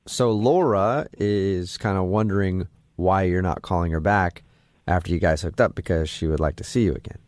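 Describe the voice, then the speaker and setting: A man with a fairly low voice hosts a morning radio show, bantering with a joking, self-deprecating manner. He talks into a studio mic in a dry, dead room. The sound is close and clean. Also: moderate pace, darkish tone, no room sound. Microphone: studio microphone.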